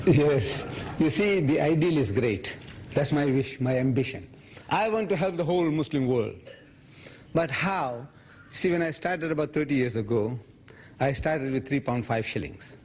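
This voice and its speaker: A man in his seventies fields audience questions at a public lecture, telling animated stories and acting out other people's lines in a raised voice. His voice is on the high side and a little slow, with a little hiss or hum on the recording.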